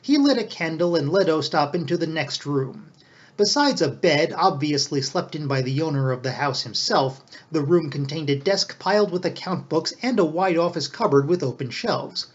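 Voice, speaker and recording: A man reading an audiobook in a measured, even storytelling manner. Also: on the high side, slightly rough. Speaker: audiobook reader. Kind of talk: scripted narration. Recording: dull lo-fi recording.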